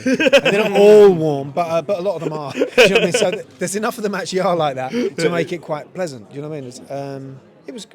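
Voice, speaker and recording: A man's voice: medium pitch, darkish tone. A man in his fifties, a lead actor chatting casually in an interview, rambling and full of "you know" and laughter. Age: 50s. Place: busy event venue at a screening.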